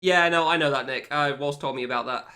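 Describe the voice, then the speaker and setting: A man's voice: fairly high pitch, quick pace, bright, forceful tone, clean tone. A young man streaming a game, chatting casually with his viewers, joking and laughing often at himself. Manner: laughs a lot, joking, self-mocking. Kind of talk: casual live-stream chat.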